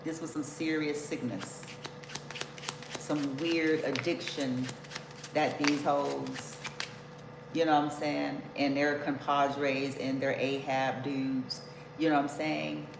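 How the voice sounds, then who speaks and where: A woman's voice: rumbling low, flat delivery, slow, gravelly. A woman giving a casual tarot reading, talking bluntly and emphatically and swearing freely. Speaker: tarot reader. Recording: echoey room with background noise.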